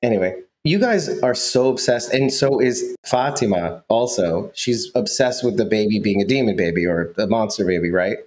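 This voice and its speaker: A man's voice: lowish voice, lively intonation, normal speed, hardly any pauses, darkish tone. A man co-hosting a podcast, chatting casually about a TV show in a teasing, playful way and laughing often. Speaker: podcast co-host.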